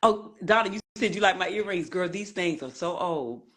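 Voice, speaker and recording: A woman's voice: on the low side, lively intonation, moderate pace. A woman in her forties hosting a casual livestream, greeting viewers one by one and calling them honey and y'all. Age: 40s. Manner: warm, chatty Southern-style greetings, calls viewers honey and y'all. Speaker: livestream host.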